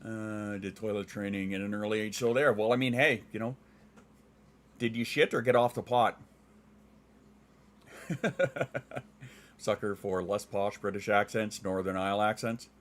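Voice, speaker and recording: Middle-aged Western Canadian man, deep-ish. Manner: clear enunciating, trained voice; joking, dad jokes. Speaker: streamer. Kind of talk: casual chat reading viewer comments.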